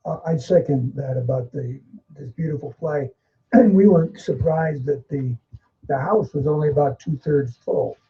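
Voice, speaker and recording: A man's voice: on the high side, normal speed. A man in the audience asking a question at a seminar, chatty and hesitant. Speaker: audience member. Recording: muffled live recording.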